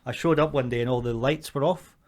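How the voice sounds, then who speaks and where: Scottish male podcast co-host, mid-pitched voice, animated and giggly while spinning a yarn. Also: fairly quick. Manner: lively storyteller, laughs through his own tales. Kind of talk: casual storytelling chat.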